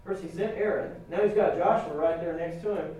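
Animated preacher in an echoey hall. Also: male voice, high voice, a little fast, recorded from a distance. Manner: conversational, animated, acts out quotes with humor. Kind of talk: sermon. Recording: roomy echo from off-mic, faint ambience.

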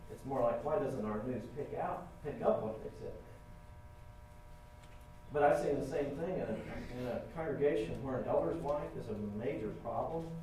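Animated preacher in an echoey hall. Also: male voice, mid-range voice, distant mic, slight background noise. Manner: conversational, animated, acts out quotes with humor. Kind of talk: sermon. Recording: roomy echo from off-mic, faint ambience.

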